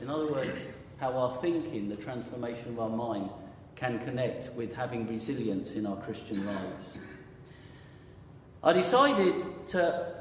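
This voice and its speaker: A man's voice: mid-range voice, a little hiss or hum. A man preaching a conversational sermon, often quizzing his audience with questions. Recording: echoey hall with long reverb.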